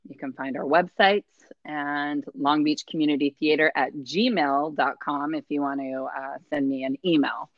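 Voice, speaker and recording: A woman's voice: sits low, steady tone, moderate pace, dry recording. A woman guest who leads a community theater, chatting casually and laughing easily. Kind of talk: casual interview chat. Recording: slightly dull, dry sound.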